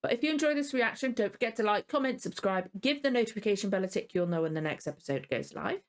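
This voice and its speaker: A woman's voice: mid-range voice, animated, quick pace. A tired woman hosting a reaction video, rambling casually and apologizing often. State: tired and yawning.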